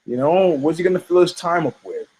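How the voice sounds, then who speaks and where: A middle-aged man co-hosting a podcast, who talks in a lively, opinionated way. He tells stories with a fair amount of animation and plays out the people he quotes in changing voices. His voice sits a bit higher than most men's. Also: a little fast, rough recording. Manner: animated storytelling, acts out quoted voices, frequent laughs. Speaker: podcast co-host. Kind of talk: casual opinionated talk.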